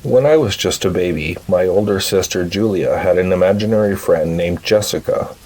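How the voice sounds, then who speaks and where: Low husky guy reading creepy stories, slow and measured. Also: a little mellow, rough recording. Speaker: horror story narrator. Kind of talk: scripted horror narration.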